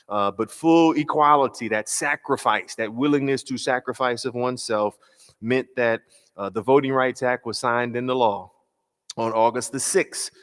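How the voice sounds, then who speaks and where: A man pastor giving a workshop lecture in a mid-range voice. He is measured and emphatic, slowing down on key phrases and posing rhetorical questions. The voice rings with a long hall reverb. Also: mid-range voice, a bit bright.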